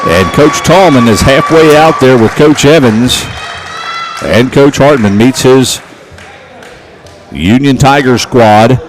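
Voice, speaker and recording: A man calling local basketball play-by-play, getting excited and shouting on big plays. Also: medium pitch, slow pace, music in the background, a crowd in the background. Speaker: play-by-play announcer.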